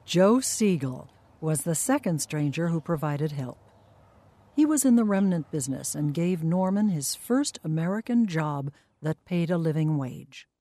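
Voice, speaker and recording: A documentary narrator reading a scripted voice-over in a measured, even way. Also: medium pitch.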